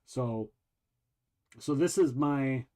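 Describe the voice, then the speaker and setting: A man hosting a show, casually chatting while walking through a video game, rambling with many pauses and restarts. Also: mid-range voice. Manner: rambling, relaxed, lots of ums and restarts. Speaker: show host. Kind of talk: casual game walkthrough chat.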